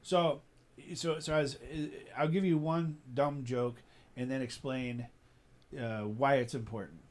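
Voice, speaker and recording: A man's voice: medium pitch, steady tone, unhurried. Rambling Chicago man telling stories. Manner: rambling storyteller, lots of "you know what I mean". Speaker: podcast host. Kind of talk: casual chat.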